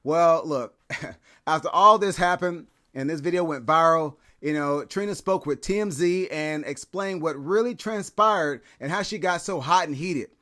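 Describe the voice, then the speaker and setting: A man's voice: on the high side, normal speed, bright, forceful tone. A man hosting a commentary video, talking in a chatty way with lots of fillers. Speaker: commentary channel host. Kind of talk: casual commentary.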